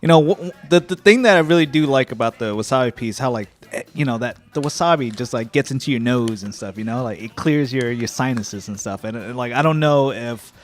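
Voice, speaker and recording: A man with a mid-range voice chats easily about snacks on a podcast. His delivery is relaxed and good-humored, with faint music playing behind. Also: medium pitch. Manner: laid-back, easygoing, quick to laugh. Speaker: podcast co-host. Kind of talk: casual snack-tasting chat.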